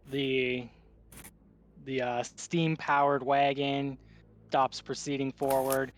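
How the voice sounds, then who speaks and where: A man running a tabletop game as game master, narrating in a relaxed, hesitant way with many fillers. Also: medium pitch, slight background noise.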